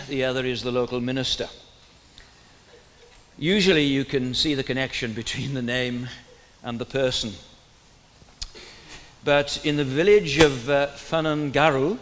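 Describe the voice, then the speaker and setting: A man from Wales with a Welsh accent, preaching a sermon in a relaxed storytelling way with gentle humor. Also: mid-range voice. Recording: long reverb in a large hall, faint ambience.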